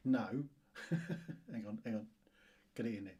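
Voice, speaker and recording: A man's voice: on the low side, warm tone, husky. Chuckling man hosting a quiz. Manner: chuckling, self-deprecating, reads questions slowly. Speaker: quiz host. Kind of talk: casual quiz video.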